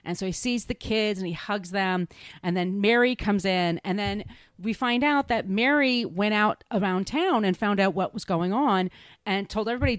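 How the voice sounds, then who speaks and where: A woman's voice: mid-range voice, normal speed, no room sound. A woman podcast co-host chatting casually as she retells a film, rambling and laughing.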